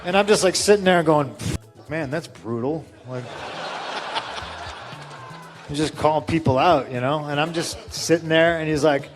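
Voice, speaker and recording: A man casually telling a story in an interview, animated, acting out what people said with a raised voice. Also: a little high, brisk, hardly any pauses, music in the background. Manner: animated, acts out quotes with raised voice.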